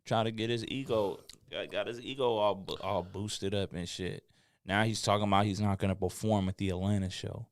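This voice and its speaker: A man co-hosting a podcast in casual chat, telling stories in an animated, joking way. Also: on the low side, brisk. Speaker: podcast co-host.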